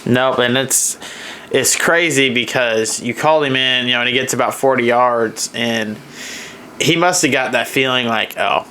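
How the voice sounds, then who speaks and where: A man co-hosting a podcast, retelling a deer hunt in a lively way and playing out what the deer might have thought. His voice sits at an ordinary middle pitch. A faint hum of room ambience runs under his talk. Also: moderate pace. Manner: animated storyteller, acts out deer thoughts. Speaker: podcast co-host. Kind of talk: casual hunting story chat.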